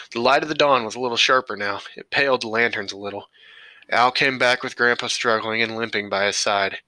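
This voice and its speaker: A man narrating an audiobook in a steady, measured reading voice. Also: mid-range voice, dry recording, poor audio. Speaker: audiobook reader.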